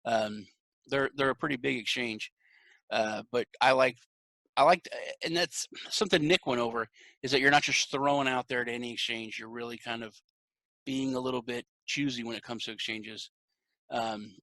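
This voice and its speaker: Gravelly, bright-voiced man telling a story. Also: medium pitch, normal speed, dry recording. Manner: animated storytelling, acts out quoted reactions. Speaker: podcast host. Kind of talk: casual interview chat.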